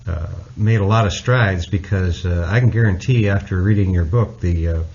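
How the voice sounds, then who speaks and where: A man's voice: deep voice, moderate pace, darkish tone, muffled recording. A man hosting a podcast, speaking in an easygoing, reflective way with frequent hesitations. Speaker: podcast host. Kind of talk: casual podcast conversation.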